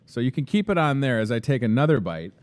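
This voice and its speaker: A man's voice: medium pitch, sing-song, fast, a little mellow. A man hosting a live local morning show, chatting casually and upbeat into a handheld microphone. He keeps things loose, tossing asides to the crew between plugs. He is recorded inside a grocery store.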